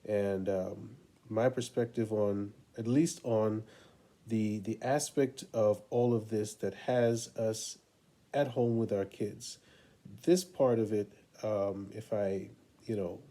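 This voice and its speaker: A middle-aged man, a parent coach, telling a story in a relaxed, unhurried way with many pauses. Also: fairly low pitch. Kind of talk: casual storytelling talk to camera.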